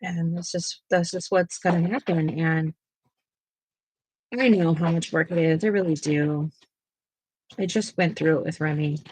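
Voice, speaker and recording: A woman's voice: on the low side, steady tone, unhurried, long pauses, a little mellow, breathy edge, no room sound. A woman hosting a coloring livestream, chatting casually and talking to her viewers in the chat as she colors. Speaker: livestream host.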